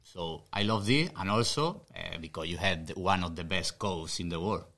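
A man's voice: deep voice, moderate pace, a bit bright. A man from Spain with a Spanish accent, speaking English as a second language, answering earnestly in a casual interview and searching for words. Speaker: guest footballer.

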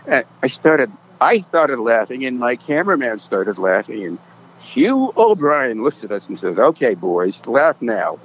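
A man's voice: medium pitch, sing-song, moderate pace, fairly bright tone, a little hiss or hum. An older man from Massachusetts telling anecdotes as a podcast guest, acting out the people in his stories. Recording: dull lo-fi sound.

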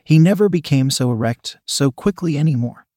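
A man narrating a scripted story in a measured, steady reading manner. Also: on the high side, dry recording, studio quality.

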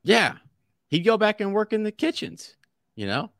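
A man's voice: sits high, big pitch swings, normal speed, fairly bright tone, no room sound, clean studio sound. A man co-hosting a podcast, talking in a rambling, casual way with restarts and laughs. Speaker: podcast co-host. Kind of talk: casual book discussion.

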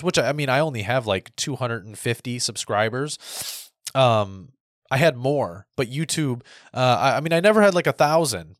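A man's voice: medium pitch, fairly bright tone, dry recording, clean studio sound. A man in his thirties hosting a podcast, giving a casual opinion monologue that rambles, repeats itself and restarts often. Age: 30s. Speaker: podcast host.

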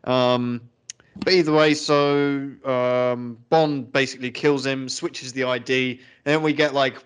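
A man in a casual podcast conversation about a film, rambling through scenes and laughing easily. His voice sits in an ordinary middle pitch. He has the loose, friendly manner of chat among friends. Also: level tone, a little slow, smooth. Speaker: podcast co-host.

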